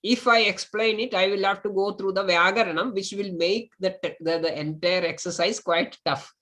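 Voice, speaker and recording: Slow, bright-voiced male teacher. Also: high-pitched. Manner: patient, repeats each word slowly for learners. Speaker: Sanskrit and Ayurveda teacher. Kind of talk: slow step-by-step lesson.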